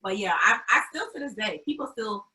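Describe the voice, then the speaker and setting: A woman's voice: medium pitch, expressive, fairly quick, bright, forceful tone, rough recording. A woman from Albany, New York, a founder who is a guest in an interview, speaking thoughtfully and frankly with many fillers. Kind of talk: casual conversational interview.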